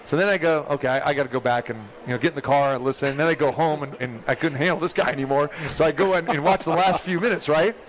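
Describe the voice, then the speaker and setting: A man hosting a casual sports betting chat, telling animated stories and acting out what others said. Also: quick pace, hardly any pauses. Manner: animated storyteller, acts out quotes with loud high bursts. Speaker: sports betting show host.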